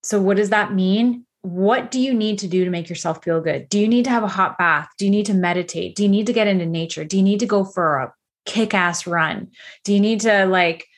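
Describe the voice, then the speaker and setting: Woman coach talking straight, energetic and blunt, lots of "like" and "you know". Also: medium pitch, brisk. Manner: candid, energetic, frequent fillers. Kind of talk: motivational talk.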